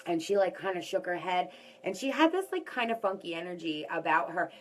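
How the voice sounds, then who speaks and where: A woman's voice: on the low side, expressive, a little fast, slight background noise, poor audio. Woman vlogger, candid and rambling, personal story told to camera. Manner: candid, rambling, talks straight to viewers as "guys".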